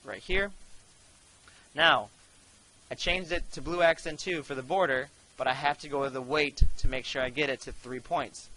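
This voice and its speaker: Young male teacher, bright voice, casual step-by-step screencast delivery. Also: on the high side, steady tone, moderate pace, rough recording. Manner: casual step-by-step instruction, addresses students directly. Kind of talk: screencast software tutorial.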